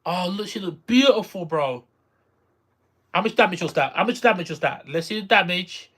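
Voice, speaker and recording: An excitable streamer reacts live to gameplay, voice leaping up and down with a bright, forceful edge. They repeat themselves and burst into exclamations. Casual live-stream chatter throughout. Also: mid-range voice, normal speed, husky.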